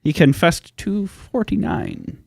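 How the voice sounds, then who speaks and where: A man's voice: high voice, huge pitch swings, slow, vocal fry, no echo. Joking, profane man on a podcast. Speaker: podcast co-host. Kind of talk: casual true-crime podcast chat. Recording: dry, close podcast recording.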